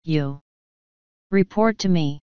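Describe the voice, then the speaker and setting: A woman's voice: low-pitched, takes it slowly, clear, resonant tone, dry recording. A woman voicing a pompous, bullying male watch captain who blusters and sneers in an audiobook reading. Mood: blustering. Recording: dull lo-fi audio.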